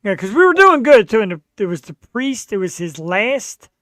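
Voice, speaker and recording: Bright-voiced joking man. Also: sits high, moderate pace, no echo, studio quality. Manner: animated storyteller, jokey and self-mocking. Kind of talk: casual chat.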